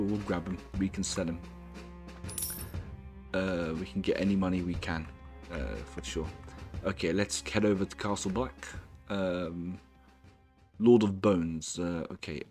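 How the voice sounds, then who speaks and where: A man casually commenting on his own gameplay, rambling and correcting himself as he reads the game's dialogue aloud. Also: lowish voice. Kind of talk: casual let's-play commentary.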